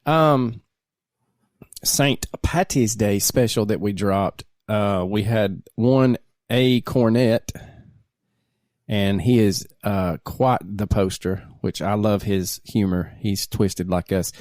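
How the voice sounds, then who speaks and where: A man's voice: lowish voice, slow, darkish tone, no room sound, clean studio sound. A man co-hosting a casual podcast, rambling loosely and laughing mid-sentence as he reads out listener comments. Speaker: podcast co-host.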